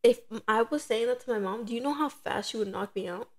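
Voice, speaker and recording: Young woman on a podcast, kinda high voice, telling a story and doing everyone's lines. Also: fast. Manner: animated storytelling, acting out quoted voices. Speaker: podcast co-host. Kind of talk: casual chat.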